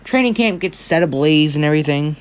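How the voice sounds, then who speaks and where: A man's voice: a little high, lively intonation, brisk, clean tone. A young man telling a story casually, rambling and often checking in with right?. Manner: rambling, keeps asking right?.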